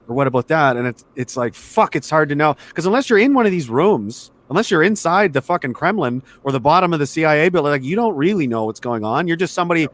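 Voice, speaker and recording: A man's voice: a little high, sing-song, quick pace, hardly any pauses, fairly bright tone. A man chatting casually on a stream, rambling, swearing a lot and laughing often. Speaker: streamer host. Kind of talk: casual profane chat.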